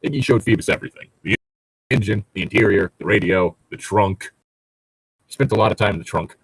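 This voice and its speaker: A man's voice: fairly low pitch, fairly quick, creaky, slightly rough, dry recording, rough recording. A man co-hosting a comedy podcast, sarcastic and cursing as he jokes and reads his turn of the story. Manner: sarcastic, lively, swears a lot. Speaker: podcast co-host. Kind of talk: casual comedic banter and reading.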